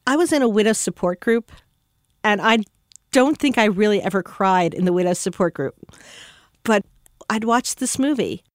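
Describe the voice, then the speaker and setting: A widow telling a heartfelt personal story about grief, pausing often. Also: female voice, mid-range voice, no echo, studio quality.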